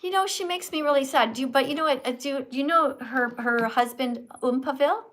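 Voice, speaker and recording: Woman, from Canada, live stream host, slightly high voice, chatty, teacherly. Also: fairly quick. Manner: chatty, animated, teacherly quizzing. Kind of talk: casual live stream chat with viewers.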